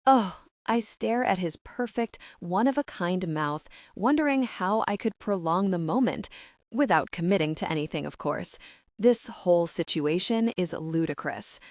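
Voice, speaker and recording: A woman's voice: fairly low pitch, animated, a little slow, no room sound, studio quality. Woman narrating a romance audiobook.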